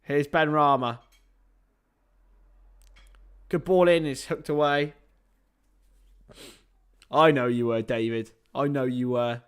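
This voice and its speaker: A young man hosting a live football watchalong, joking with banter between bursts of excited play-by-play calls. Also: mid-range voice, slow, pauses often, clean tone. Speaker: host.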